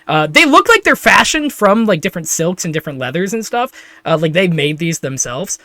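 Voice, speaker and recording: A man's voice: sits high, big pitch swings, fairly quick, pushed and bright, no echo. A man narrating as game master of a tabletop game, describing scenes in a rambling way full of fillers.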